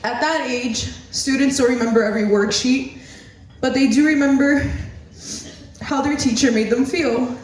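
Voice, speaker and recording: Woman in her 30s, from Miami area, earnest tearful tribute speech, slightly high voice, very echoey distant hall. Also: normal speed, slight background noise. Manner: tearful, laughing nervously, earnest. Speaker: former student giving a speech. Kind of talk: emotional tribute speech, partly read. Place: hotel banquet hall. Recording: very echoey hall, voice picked up from far off.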